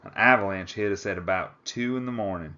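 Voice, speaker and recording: A man's voice: on the low side, fairly quick, pushed and bright, dull audio. A man putting on a drawling Texan cowboy. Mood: weary. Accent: put-on Texas. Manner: drawling, folksy. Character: gruff Texan cowboy climber, drawling, plainspoken.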